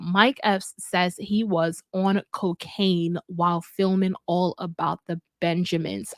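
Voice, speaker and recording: A woman's voice: mid-range voice, no echo, clean studio sound. A woman hosting a casual commentary show, giving her opinions in a chatty way with lots of fillers. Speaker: host.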